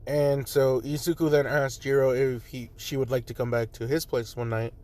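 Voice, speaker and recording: Young man, casual storyteller, rambling, filler-heavy, profane, mid-pitched. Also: little pitch movement, normal speed, darkish tone, no echo. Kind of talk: casual spoken fan story.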